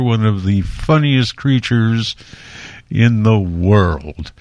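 A man's voice: fairly low pitch, slow pace, a little mellow, no room sound. A man introducing the next piece in a wry, offhand way. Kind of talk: casual introduction.

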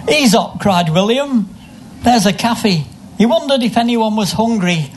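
A man performing a comic story full of literary name puns, with a deadpan delivery, recorded live. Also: sits high, unhurried, background noise. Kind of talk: live comic reading of a pun-filled story.

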